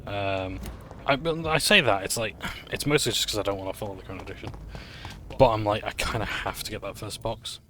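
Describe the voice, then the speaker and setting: A man's voice: fairly low pitch, level tone, fast talker, a bit bright, a little hiss or hum. A man giving rambling, off-hand gameplay commentary, swearing now and then. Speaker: gaming vlogger. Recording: game music behind.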